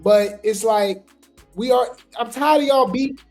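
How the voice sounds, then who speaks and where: A host giving casual gossip commentary on reality TV, talking chattily and filling pauses with "right?" and "you know". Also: medium pitch, darkish tone, soft background music. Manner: chatty, full of fillers and "right?" asides.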